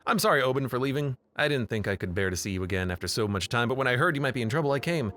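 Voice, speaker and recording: A man's voice: medium pitch, animated, very fast, fairly bright tone, a little hiss or hum, natural voice. A man voicing a nervous, apologetic male slug alien in a video game, talking hesitantly. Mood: sheepish.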